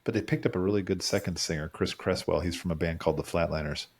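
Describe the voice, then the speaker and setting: A man's voice: quick pace, a little hiss or hum. A man co-hosting a podcast in casual chat, joking and hopping between random topics with big jumps in his voice. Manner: jokey, jumps between random topics, animated swings in pitch. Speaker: podcast co-host. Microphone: studio microphone.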